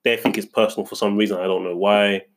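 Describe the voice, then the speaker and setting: A man's voice: fairly low pitch, level tone, quick pace. A young man in casual chat, telling a story indignantly and rambling, with many restarts. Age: young adult.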